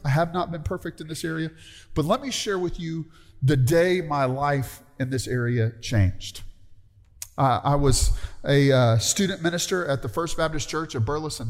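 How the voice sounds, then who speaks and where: Middle-aged male pastor, chatty sermon delivery that asks for amens, a touch high-pitched, recorded in an echoing sanctuary. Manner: conversational, calls out for amens. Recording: long hall reverb.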